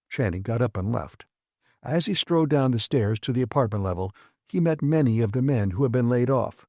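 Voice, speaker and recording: A man reading a classic science fiction audiobook with brisk, vivid storytelling. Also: mid-range voice, expressive, a little mellow, dry recording, clean studio sound. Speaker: audiobook narrator. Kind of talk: scripted narration.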